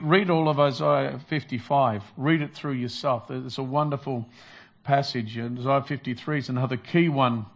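A man preaching a Sunday sermon, earnest and repetitive, building to emphatic calls. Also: fairly high pitch. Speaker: pastor.

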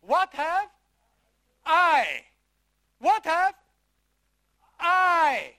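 A preacher with a high-pitched, fairly bright voice gives a sermon from the Bible. He speaks emphatically, drawing key words out slowly, repeating phrases often and quizzing listeners with questions.

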